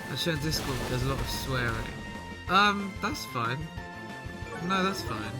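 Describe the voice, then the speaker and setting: A man's voice: medium pitch, animated, moderate pace. Chatty man with game music. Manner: chatty, laughs often, swears casually. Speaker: streamer. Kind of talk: casual chat while playing.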